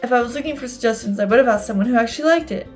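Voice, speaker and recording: A woman reading the lines of a blunt, sharp-tongued teenage girl from a game, in a snappy, sarcastic way. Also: on the high side, racing, soft background music, natural voice. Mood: snippy.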